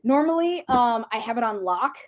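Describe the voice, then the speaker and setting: High-voiced woman rambling. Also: moderate pace. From Minnesota. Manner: rambling, animated, full of side tangents. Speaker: tarot reader. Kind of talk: casual livestream chat.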